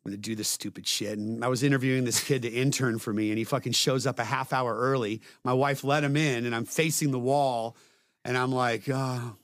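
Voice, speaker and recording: A man telling a personal story in casual conversation, frank and profane, with dark humor. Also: mid-range voice, fairly even intonation, brisk, dry recording, clean studio sound.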